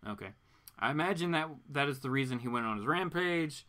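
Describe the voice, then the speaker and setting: A man's voice: mid-range voice, lively intonation, brisk, pushed and bright. A man reading a comic book aloud, dropping in chatty asides between the quoted lines. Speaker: comic reader, channel host. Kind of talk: casual dramatic comic reading.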